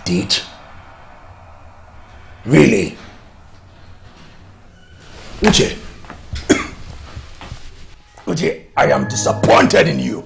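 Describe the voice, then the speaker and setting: An actor playing a stern, accusing man, speaking slowly with a Nigerian English accent. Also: lowish voice, huge pitch swings, vocal fry, faint music behind, exaggerated voice. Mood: mocking. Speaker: actor in a film.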